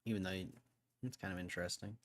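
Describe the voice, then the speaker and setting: Young male stream host, low-ish voice, relaxed and wry, reading news in casual chat. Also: fast. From Connecticut, USA. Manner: laid-back, wry, offhand remarks. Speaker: livestream host.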